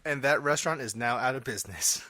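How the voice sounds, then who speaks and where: A man's voice: medium pitch, fast talker, bright, forceful tone, no echo. A man co-hosting a podcast, chatting casually and teasing the others with jokes. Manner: joking, teasing. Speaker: podcast co-host. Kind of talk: casual chat.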